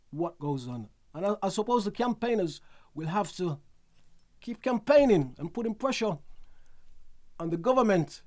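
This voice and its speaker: A man's voice: high voice, a little mellow. A man hosting a call-in talk show, often repeating phrases as he searches for words.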